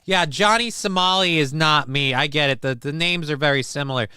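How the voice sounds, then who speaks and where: A man runs a casual live-stream show and reads out chat messages, riffing on them with crude jokes and plenty of rambling asides. His voice sits a little high for a man and comes through smooth and clean. It is recorded close up, with no room sound at all. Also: brisk, bright, forceful tone, no room sound. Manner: crude, joking, rambling with fillers.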